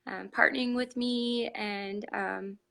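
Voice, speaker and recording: A woman life coach opening a live online masterclass over a video call, excited and emotional, laughing often. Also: on the high side, slow pace, vocal fry, poor audio.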